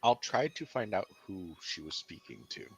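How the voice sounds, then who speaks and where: A man's voice: low-pitched, expressive, moderate pace, slight background noise. A man playing a tabletop game, casual and playful, asking questions and declaring his actions. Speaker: player.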